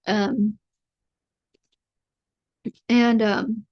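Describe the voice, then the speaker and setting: A fairly high-voiced woman talks through a casual tarot reading in a chatty, rambling and playful way. She sounds close and dry, with no room around her voice. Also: little pitch movement, extremely slow, a little mellow, dry recording, lo-fi sound. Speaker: tarot reader.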